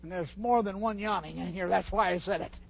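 An older man preaching a folksy sermon in a church, teasing his congregation and pausing to restart his sentences. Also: high-pitched, gravelly, slight background noise. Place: church hall.

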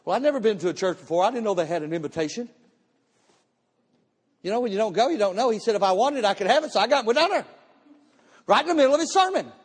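A man preaching a testimony sermon at a live church service, telling his story with animated bursts of shouting. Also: high-pitched, quick pace, long pauses, husky. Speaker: pastor. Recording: long reverb of a church hall.

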